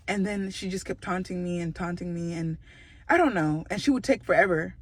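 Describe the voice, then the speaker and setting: A woman's voice: on the low side, fairly quick. Chatty woman telling a storytime. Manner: chatty, animated, full of fillers and laughs. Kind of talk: casual storytime vlog.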